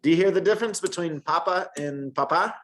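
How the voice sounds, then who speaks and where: A man's voice: sits high, brisk, fairly bright tone. A man teaching a one-on-one Spanish lesson, patient and encouraging, modeling words for the student to repeat.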